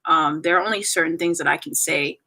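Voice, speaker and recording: A woman's voice: low-pitched, fairly quick, pushed and bright. A woman in her twenties chatting casually on a livestream and reading viewer comments aloud.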